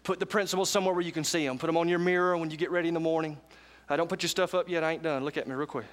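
A man's voice: fairly high pitch, fairly even intonation, rapid-fire. A man preaching a sermon to a live congregation, emphatic and often calling for responses. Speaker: pastor. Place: church sanctuary with live congregation.

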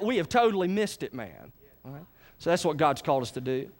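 A man preaches in a high, bright-pitched voice. He is animated and folksy, often stopping to check that the congregation is with him. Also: fairly quick. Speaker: pastor. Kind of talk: sermon.

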